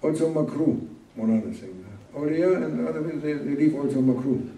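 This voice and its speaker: A man giving an informal sermon as a sheikh, speaking in a plain, halting way and repeating words for emphasis. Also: on the high side, dark tone, a little hiss or hum. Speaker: sheikh teaching a religious talk. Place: gathering room at a summer camp. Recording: roomy room, distant mic.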